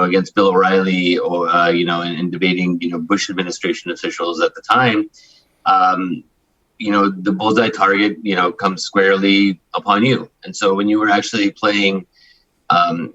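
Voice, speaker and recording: A man in his forties from Chicago, a human rights attorney speaking as an interview guest, talking emphatically in fast-flowing runs with frequent restarts. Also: sits low, bright, forceful tone, breathy edge, muffled recording. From Chicago, United States. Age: 40s. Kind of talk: candid interview talk.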